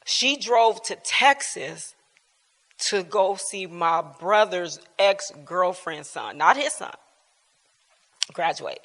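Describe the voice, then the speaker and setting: A woman shares her story at a church bible class, loose and colloquial, breaking into laughter as she goes. Her voice is bright and ringing, and it echoes through a large, reverberant church hall. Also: fairly low pitch, slow pace. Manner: colloquial, laughing often, animated. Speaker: church member giving testimony at bible class. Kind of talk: personal testimony, casual storytelling.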